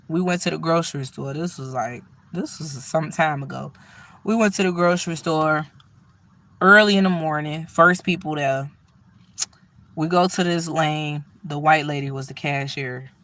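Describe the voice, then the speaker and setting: Woman ranting on her vlog, cussing a lot, bright sharp voice, blunt. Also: low voice. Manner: profane, animated, blunt. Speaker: vlogger. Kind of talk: casual storytime rant.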